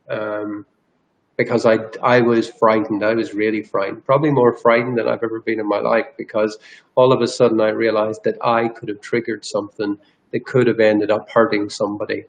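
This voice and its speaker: A man's voice: fairly low pitch, flat delivery, moderate pace, low-quality recording. A man from Ireland, a guest energy healer telling a personal story in an interview, earnest and rambling, with restarts. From Northern Ireland.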